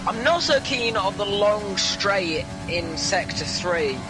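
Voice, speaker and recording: A man giving slow, measured analysis as co-commentator on a sim racing broadcast. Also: high-pitched, expressive. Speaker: co-commentator and driver. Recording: music bed underneath.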